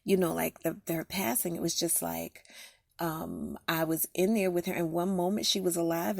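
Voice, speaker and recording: A woman's voice: on the low side, gravelly, darkish tone, no room sound, studio quality. A middle-aged woman hosting a faith podcast, speaking candidly and personally in a casual monologue with frequent fillers. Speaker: podcast host giving encouragement.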